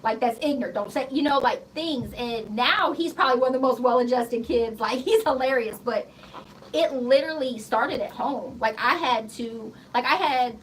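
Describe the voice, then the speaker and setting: A woman in her thirties, a guest on a radio show, telling stories in a blunt, profane, animated way. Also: fairly high pitch, normal speed. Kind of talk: casual interview chat. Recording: slightly distant mic with faint background noise.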